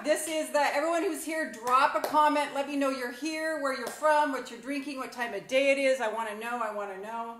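A woman's voice: high-pitched, normal speed, a bit bright. A middle-aged woman hosting a casual live stream from her phone, chatty and bubbly, often laughing. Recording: echoey room on phone mic.

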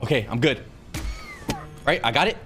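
A man's voice: medium pitch, lively intonation, normal speed, fairly bright tone, soft background music. A man giving panicky, swearing commentary to himself while playing a horror game. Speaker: gaming YouTuber.

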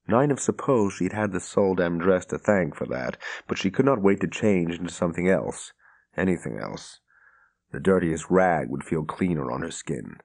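A man reading a fantasy audiobook in scripted narration, measured and steady. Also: sits low.

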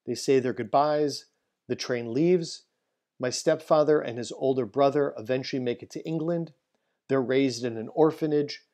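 A man, a rabbi, giving a solemn Holocaust history presentation, telling a family story and slowing down for emphasis. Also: medium pitch, dark tone.

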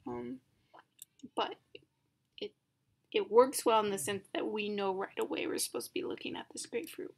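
A young woman teaching an art lesson over slides. She is informal and thinks aloud, with many ums and self-corrections. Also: mid-range voice. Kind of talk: casual recorded lecture over slides.

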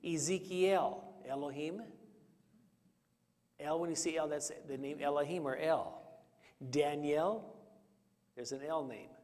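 Preacher in a reverberant church hall. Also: male voice, on the high side, fairly even intonation, brisk, few pauses, a little mellow. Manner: conversational teaching with fillers and questions to the congregation. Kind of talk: Bible study sermon. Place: church sanctuary.

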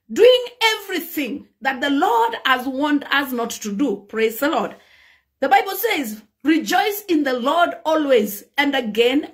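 Kenyan lady pastor preaching, high voice, acts out little scenes. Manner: animated, mimics people in her stories. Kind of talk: sermon.

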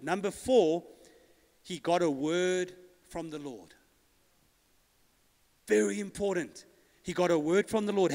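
A man's voice: high-pitched, in a large hall. A male pastor preaching a sermon with rising emphasis, calling on the congregation to repeat after him. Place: church hall.

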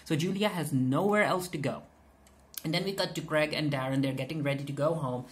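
A woman with a low, relaxed voice recaps a TV episode in a casual commentary. She talks off the cuff, full of filler sounds and false starts. She drops quoted lines from the characters into her retelling. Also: a little fast. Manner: chatty, many filler "uh"s and restarts, retells scenes with quoted lines. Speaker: TV recap reviewer.

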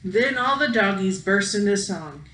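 A woman teacher reading a picture book aloud to her pupils, expressive and playful, breaking into song. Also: mid-range voice, noisy background. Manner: slow, expressive, sings along with the story. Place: room at home. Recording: roomy echo, faint ambience.

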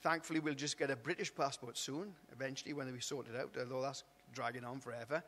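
A man's voice: mid-range voice, steady tone, quick pace, a bit bright, in a large hall, a little hiss or hum. A man preaching a sermon in a conversational way, restarting words and asking "isn't it?". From Wales. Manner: conversational, repeats and restarts words, asks tag questions. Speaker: pastor. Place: church hall.

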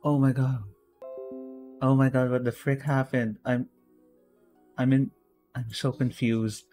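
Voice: medium pitch, little pitch movement, slow, mellow, faint music behind. A gaming YouTuber reacting to a game pull, stunned and blurting out short disbelieving exclamations again and again. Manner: stunned, keeps blurting "oh my god" and "what".

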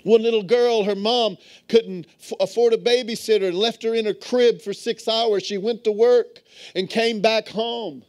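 High-voiced preaching bishop, story-driven. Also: male voice, fairly even intonation, normal speed. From moved to Texas as an adult. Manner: storytelling, calls on the congregation to respond. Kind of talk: sermon. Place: church sanctuary.

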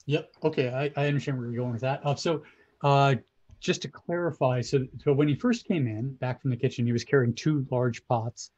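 A man narrating as game master of a tabletop game, with hesitant pauses and many fillers. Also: mid-range voice, a little mellow, highs cut off. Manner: hesitant, many ums and likes.

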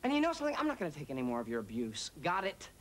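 A man's voice: fairly high pitch, huge pitch swings, very fast. An earnest, fumbling young office guy. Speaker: sitcom lead. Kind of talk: 1990s sitcom acting. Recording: hissy old TV broadcast.

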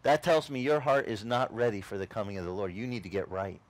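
Animated storytelling male pastor. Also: fast, poor audio. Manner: animated storytelling, acts out quotes in high excited voices. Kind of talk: sermon. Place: outdoor beach service.

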